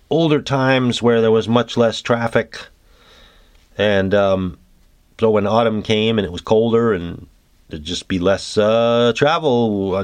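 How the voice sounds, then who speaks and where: Man, lowish voice, musing solo talk, halting with fillers, reflective host.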